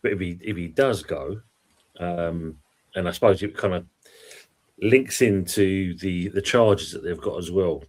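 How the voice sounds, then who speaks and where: A man's voice: low voice, measured pace, a little mellow. A man hosting a casual football stream, chatting and reading out viewer comments. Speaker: podcast host reading live chat.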